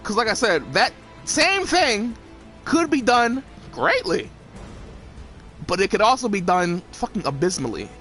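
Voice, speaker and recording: A video creator with a high-pitched voice rants casually about a story he watched, at a measured pace with faint music behind him. He's animated and profane, swearing often and laughing between lines.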